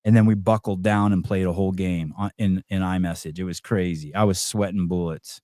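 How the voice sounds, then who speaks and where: A man's voice: low-pitched, fairly even intonation, fairly quick, mellow, slight background noise. A middle-aged man hosting a podcast, talking casually and bluntly with many restarts and fillers. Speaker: podcast host. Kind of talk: casual chat.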